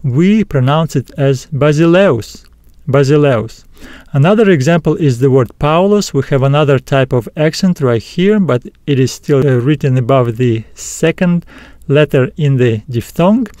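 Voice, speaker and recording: A man giving a recorded language lesson, pronouncing each sound slowly and repeating it, with frequent "uh" fillers. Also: mid-range voice, animated, a little mellow, no room sound, studio quality. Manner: slow, careful repetition of each sound. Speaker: Greek teacher.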